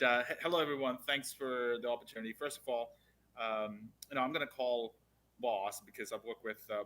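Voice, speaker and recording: A man's voice: on the low side, bright, forceful tone, low-quality recording. A man from India, a guest on a live online chat, talking in a hesitant way with many fillers. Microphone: remote call audio.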